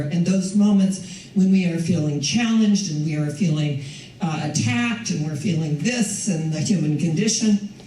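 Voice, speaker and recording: A woman's voice: mid-range voice, far from the mic, a little hiss or hum. Older woman minister preaching in echoey hall. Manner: warm, conversational, laughs often. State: recovering from lost voice. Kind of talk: sermon.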